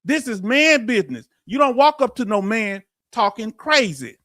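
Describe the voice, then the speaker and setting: A man with a Texan accent hosting a live stream, emphatic and animated, reading out chat comments and laughing often. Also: very high-pitched, moderate pace, no echo, clean studio sound. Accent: Texan English. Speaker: veteran live-stream host.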